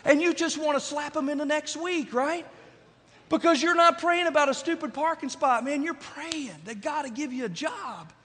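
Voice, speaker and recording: A man with a high voice preaches a Sunday sermon in a casual, repetitive style, asking the room "right?" again and again. His words ring out with a long reverb through a big church sanctuary. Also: normal speed, fairly bright tone. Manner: repetitive, rhetorical, conversational preaching with frequent "right?". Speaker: pastor. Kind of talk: sermon to a live congregation.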